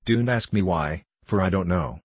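A man voicing a pale, tearful young girl, gentle and pleading, in a storybook reading. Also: sits low, moderate pace, breathy edge, no echo.

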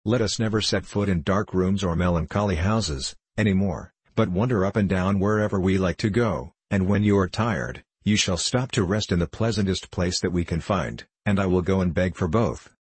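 A man voicing a devoted young girl who pleads earnestly with her grandfather, in his own husky voice. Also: low-pitched, normal speed, hardly any pauses, no echo.

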